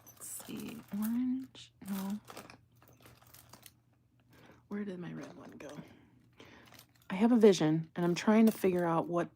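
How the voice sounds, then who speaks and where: A woman's voice: mid-range voice, takes it slowly, long pauses, mellow, a little hiss or hum. A woman hosting a live jewelry-making stream, chatting casually and rambling to her viewers as she works. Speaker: jewelry-making livestream host. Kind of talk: casual live crafting chat.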